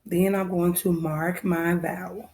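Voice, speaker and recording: This first grade teacher, a woman with a Southern American accent, walks young kids through phonics with patience, going over her instructions again and again. Her voice is lowish and a little mellow, her delivery flat and measured, with slight background noise.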